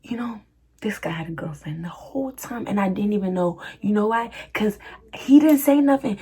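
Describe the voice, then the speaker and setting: A woman's voice: mid-range voice, normal speed, mellow, husky. A young woman vlogger answering viewer questions in a chatty, slangy, laughing style. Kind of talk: casual Q&A chat.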